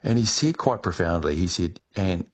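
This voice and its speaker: Deep-voiced man telling his story. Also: normal speed. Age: middle-aged. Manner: relaxed storytelling, some restarts. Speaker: guest, ice diver. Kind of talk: interview answers.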